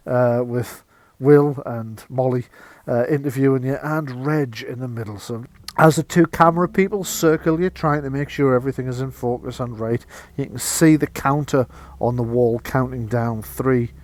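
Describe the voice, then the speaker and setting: A man as game master narrating a tabletop game in a relaxed, chatty way. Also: medium pitch. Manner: relaxed, chatty, laughs easily.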